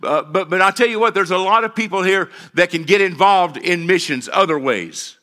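A man's voice pitched high for a man and sharply bright, preaching a sermon. He is a middle-aged pastor who drives his points home by repeating phrases and calling for responses from his congregation. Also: expressive, normal speed.

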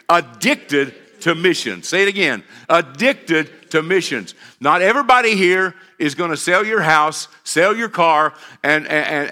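A man's voice pitched high for a man and sharply bright, preaching a sermon. He is a middle-aged pastor who drives his points home by repeating phrases and calling for responses from his congregation.

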